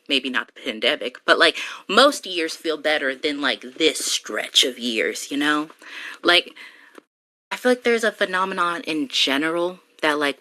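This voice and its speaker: A woman with a low-pitched but bright, forward voice hosts a podcast in loose, casual chat. She leans on "like" constantly and drifts through animated asides as she thinks out loud. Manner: chatty, heavy use of "like", animated asides. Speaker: podcast host.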